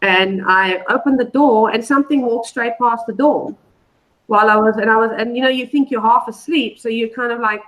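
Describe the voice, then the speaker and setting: Her voice a little high, brisk and fairly bright, this woman is a guest telling a casual, rambling story on a live online show. Fillers and restarts pile up, and the audio is poor.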